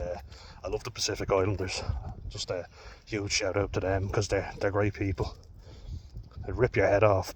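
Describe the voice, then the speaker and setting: A man's voice: fairly low pitch, slight background noise. An Irish man who coaches youth rugby, talking casually to camera in a rambling, frank way, with fillers and the odd swear word. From Ireland.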